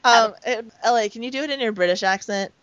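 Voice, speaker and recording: A woman's voice: a little high, fast talker, fairly bright tone, dry recording, dull audio. A woman hosting a gaming podcast in casual chat, giggling often and swearing freely. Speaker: podcast host.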